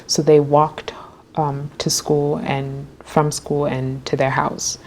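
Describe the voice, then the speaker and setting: A young woman telling a storytime vlog, animated and chatty, full of fillers. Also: deep voice, unhurried, slight background noise. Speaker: vlogger.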